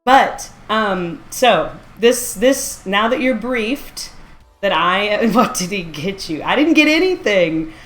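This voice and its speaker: A woman's voice: mid-range voice, expressive, takes it slowly, a bit bright, echoey room, soft background music. Laughing, self-mocking woman streamer. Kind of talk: casual storytelling on a live stream.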